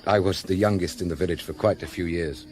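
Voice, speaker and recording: A man playing a wry, deep-voiced police inspector. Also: steady tone, quick pace, a little mellow, soft background music, natural voice. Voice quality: understated, dry wit. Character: wry male police inspector, dry-humoured. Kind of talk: radio drama acting.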